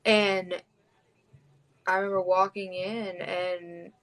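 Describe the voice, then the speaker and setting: A woman's voice: on the low side, flat delivery, slow, a bit bright, poor audio. A woman, hosting a podcast and telling a personal story in a raw, blunt way, swearing heavily. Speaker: podcast host.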